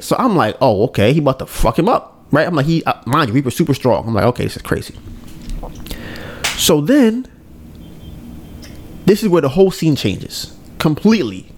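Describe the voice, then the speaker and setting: A podcast host, a man, tells a story in a relaxed, chatty way. His voice sits a bit high, and he jumps up in pitch whenever he acts out someone's lines. He peppers his talk with quick "right?" checks. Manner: animated retelling, acting out characters' lines with rising pitch; frequent "right?" tag questions. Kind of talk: casual storytelling recap.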